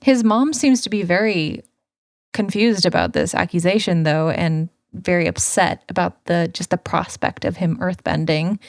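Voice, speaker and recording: A podcast co-host with a low voice at normal speed walks through a cartoon episode conversationally. She's a vivid storyteller who performs the characters' lines, and the recording is dry and studio-clean.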